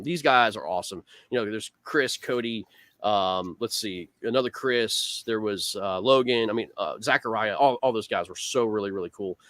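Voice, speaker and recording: His voice is lowish and the recording dry. He's a guest angler on a video call, telling a long, casual, rambling fishing story with animated delivery and plenty of "man" and "dude."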